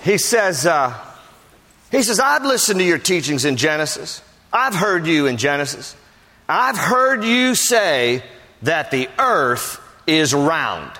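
A man's voice: a little high, very animated, slow, bright, forceful tone. A male pastor preaching a sermon, telling stories and acting out the voices of people he quotes. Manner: storytelling, acts out quoted voices. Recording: long reverb of a large hall.

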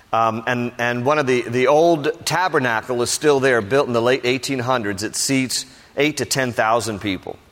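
Telling stories from the pulpit, this male pastor gives voice to each person he quotes in his sermon. He speaks at a medium pitch with a slightly bright tone, and the recording carries the long reverb of a big hall.

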